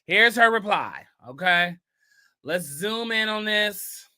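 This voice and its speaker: This casual gossip host, a man with a high, bright voice, reads posts and counters them with emphatic, sassy rhetorical questions. He is animated yet slow-paced, with a clear, resonant tone that stays sharp and pointed.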